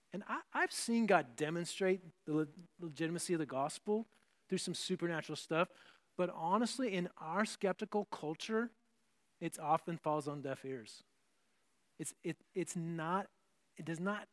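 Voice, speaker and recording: Higher-voiced man preaching casually. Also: fairly bright tone. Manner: conversational, with frequent restarts and asides. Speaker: pastor. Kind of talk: sermon.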